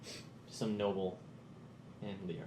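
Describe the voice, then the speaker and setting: A man's voice: sits low, steady tone, takes it slowly, dark tone, a little hiss or hum. A man playing a tabletop game, rambling and joking, with many restarts. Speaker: player. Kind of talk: casual tabletop chat. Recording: roomy echo.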